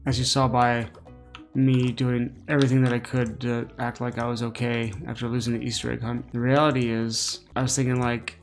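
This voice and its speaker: A man hosts a casual gameplay video, full of playful, jokey asides. His voice has a gravelly fry at mid pitch. Faint music plays behind him. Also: flat delivery, normal speed. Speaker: gaming video host.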